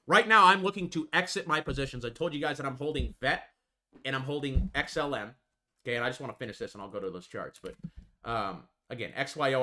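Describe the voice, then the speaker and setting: A man's voice: mid-range voice, pushed and bright. A man hosting a trading channel, giving emphatic, repetitive market commentary over charts and tagging his lines with "okay" and "folks".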